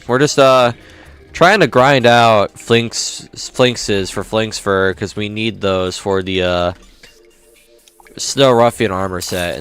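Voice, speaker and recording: A young gaming YouTuber offers casual let's-play commentary in a fairly low voice whose tone is clean and fairly bright. He swears often and grumbles at the game as he plays.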